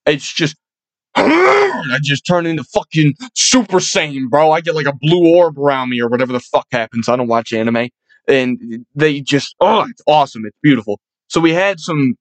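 Young new guy, kinda high voice, swears a ton, rowdy sports rant, dead dry sound. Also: dry recording. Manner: profane, rowdy, rambling. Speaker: sports podcast host. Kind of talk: casual sports chat.

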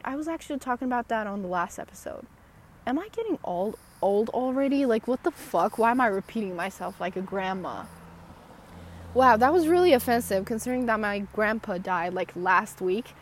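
A woman's voice: mid-range voice, a little hiss or hum. Woman podcast host, walking outside and talking into a phone, chatty, sarcastic ramble, self-deprecating. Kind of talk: rambling personal podcast talk. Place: outdoors, walking at night.

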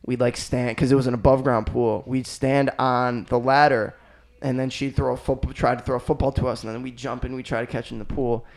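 A man's voice: mid-range voice, a little fast, creaky. A young man co-hosting a podcast, telling casual stories and acting out relatives' voices. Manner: animated storytelling, acts out family members' voices. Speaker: podcast co-host. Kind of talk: casual chat.

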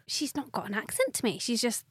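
A young woman from southern England hosts a relaxed podcast chat. She talks in an animated, giggly way, and her voice sounds dry and close to the mic. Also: fairly high pitch, fairly quick, breathy edge, no echo. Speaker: podcast host. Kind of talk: casual chat.

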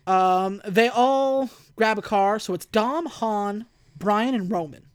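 A woman's voice: medium pitch, slow, clear, resonant tone. A woman co-hosting a casual podcast, recapping a movie and acting out its lines in mock voices. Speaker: podcast co-host.

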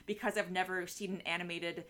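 A woman co-hosting a podcast in casual chat. Her talk is animated and often breaks into laughter, with plenty of filler words between thoughts. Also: lowish voice, a little fast. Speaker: podcast co-host.

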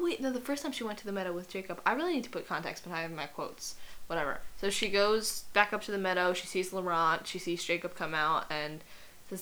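Young woman, podcast co-host, chatty recap, blunt asides, somewhat low voice. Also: sharp tone. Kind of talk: casual chat, recapping a story.

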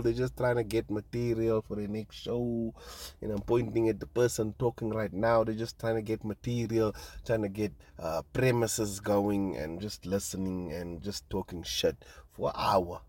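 A man's voice: on the low side, moderate pace, darkish tone, no echo. A man hosting his own podcast, rambling casually, laughing and swearing freely as he talks. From South Africa. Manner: loose and laughing, swears freely, lots of fillers. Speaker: podcast host and stand-up comedian.

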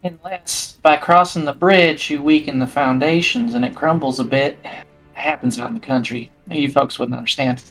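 A woman's voice: extremely low pitch, fairly even intonation, normal speed, soft background music, pitched below the performer's own voice, poor audio. A woman playing a folksy country cowgirl with a put-on rural Southern drawl.

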